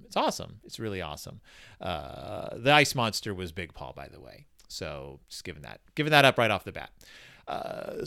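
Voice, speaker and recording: Animated, bright-voiced joking man. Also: lowish voice, clean tone, no room sound, studio quality. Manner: joking, rambling tangents; sarcastic, animated. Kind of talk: comedic book commentary.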